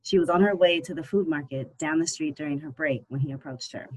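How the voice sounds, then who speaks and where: An audiobook narrator reading a novel in a steady, even storytelling manner. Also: mid-range voice, brisk, few pauses, poor audio. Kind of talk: scripted narration.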